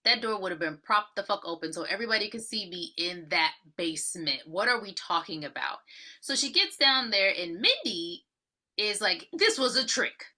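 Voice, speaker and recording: Woman podcast co-host, bright and punchy, loose profane storyteller. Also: mid-range voice, normal speed. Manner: profane, animated storytelling, acting out characters' lines. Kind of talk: casual movie recap chat.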